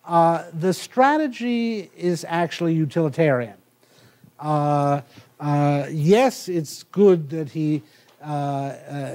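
A middle-aged male professor giving a university lecture, halting with many filler sounds and restarts and reading passages aloud. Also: on the high side, a little mellow. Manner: reads passages aloud from the text.

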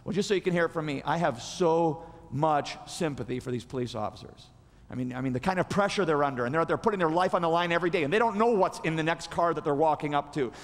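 A male pastor preaching a sermon in an animated, conversational way, often repeating and restarting his words. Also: fairly high pitch, quick pace, in a large hall.

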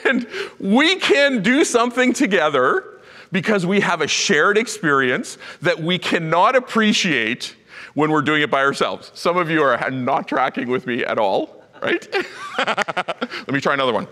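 Lively middle-aged pastor preaching. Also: male voice, fairly high pitch, measured pace. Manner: animated storytelling, acting out voices and shouts. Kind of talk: sermon. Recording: reverberant church hall.

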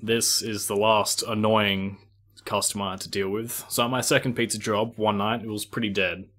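A man's voice: lowish voice, level tone, normal speed, a bit bright. A young man, a pizza delivery driver, telling stories in a rambling, profane, exasperated rant. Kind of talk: casual ranting storytelling.

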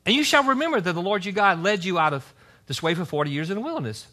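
Male pastor preaching a church sermon; bright, high, very lively voice with scripture readings and asides. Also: fast. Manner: animated preaching, reads scripture aloud with asides. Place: church service.

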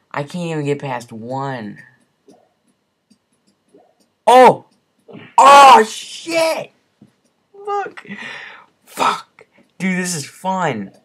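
Slow-talking young man cursing at a game. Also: mid-range voice. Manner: profane, exasperated, swings between mutters and yells. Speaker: gaming channel host. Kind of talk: gameplay commentary.

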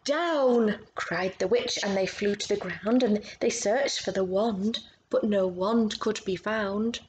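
A woman reading a picture book aloud to children, expressive and stopping to ask about the pictures. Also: medium pitch, unhurried, background noise. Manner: expressive, asks listeners questions about the pictures. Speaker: storytime reader.

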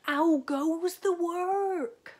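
A woman voicing a lazy old male farmer in a storybook, calling out from his bed in a slow, drawn-out, loud voice. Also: extremely high pitch, pitched above the performer's own voice, full character voice.

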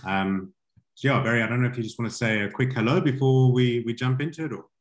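A man's voice: mid-range voice, steady tone, fast, reverberant, rough recording. A man hosting an event, giving an earnest introduction full of fillers. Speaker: host.

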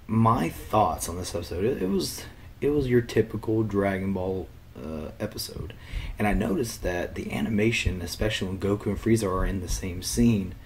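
A man with a deep, low voice talks loosely through a show episode, stopping and restarting with plenty of ums. He sounds a little under the weather. The recording is made on a computer mic and carries a faint hiss. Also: darkish tone. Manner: rambling, many fillers and restarts. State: under the weather, slightly ill. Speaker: channel host. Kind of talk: casual episode discussion. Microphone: computer webcam mic.

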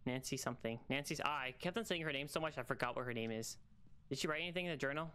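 Young male game streamer, bright crisp voice, teasing singsong banter with sudden excited yelps. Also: racing. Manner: chatty and teasing, calling out to the ghost in a singsong; bursts into high excited shouts. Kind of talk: solo gaming livestream.

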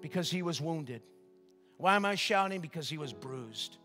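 An older man preaching a sermon as pastor, lively and joking, asking the crowd questions. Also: fairly high pitch, normal speed, big-room sound, faint music behind. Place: church sanctuary.

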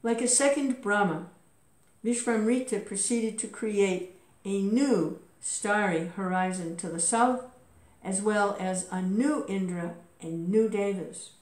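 A woman's voice: mid-range voice, slow, a little mellow. A woman reading an epic story aloud with occasional casual asides and filler words. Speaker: reader. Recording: roomy echo.

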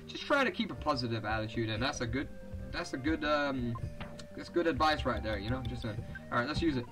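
A man's voice: medium pitch, lively intonation, fairly quick, a bit bright, soft background music, rough recording. A young man giving casual, profane commentary over a video game, reading its text aloud and laughing often. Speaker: let's play host.

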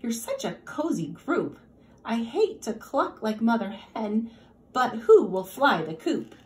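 A woman's voice: on the high side, very animated, measured pace. A woman voicing a cocky male rooster who crows his lines. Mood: teasing.

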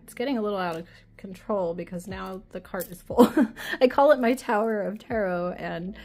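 A darkish, medium-pitched female voice at a moderate pace belongs to a woman with a child who chats while going through an oracle deck. Chatty and giggly, she is easily distracted and keeps teasing herself.

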